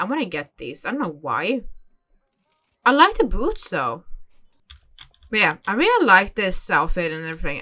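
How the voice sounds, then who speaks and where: A young woman hosting a gaming channel, giving casual gameplay commentary with expressive, exclaiming reactions as she thinks aloud. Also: medium pitch.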